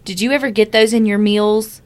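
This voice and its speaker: A woman's voice: medium pitch, steady tone, moderate pace. A woman co-hosting a casual podcast, talking emphatically with lots of "like" and heavy swearing. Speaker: podcast co-host. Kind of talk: casual chat.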